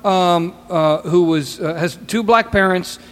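Stammering podcast man, high voice. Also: measured pace, a bit bright, big-room sound. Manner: profane, rambling, stammering restarts. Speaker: podcast co-host. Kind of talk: casual podcast chat.

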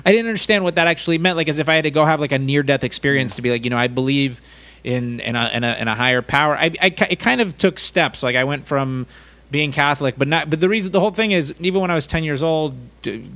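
A man's voice: fairly high pitch, a bit bright, no room sound. Young man, casual podcast guest, self-mocking, rambling delivery. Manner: rambling, self-deprecating, quick jokes.

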